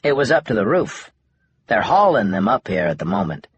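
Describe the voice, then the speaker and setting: A man voicing a wry, easygoing young man in an audiobook, in a husky, laid-back joking manner. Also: lowish voice, very animated, normal speed, dull audio, a little hiss or hum. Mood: relaxed, wry. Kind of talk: audiobook dialogue.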